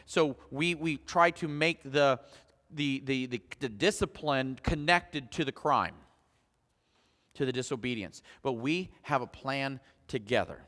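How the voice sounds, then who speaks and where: Bright-voiced pastor preaching in a reverberant church. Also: male voice, mid-range voice, unhurried. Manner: conversational, many restarts, quotes his own family talk. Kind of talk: sermon. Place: church sanctuary.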